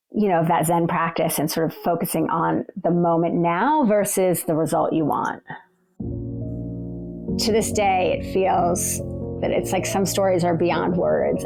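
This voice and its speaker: Gravelly low-voiced woman recounting a memory. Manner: reflective, halting with fillers and restarts. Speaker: storyteller. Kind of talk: personal story told aloud.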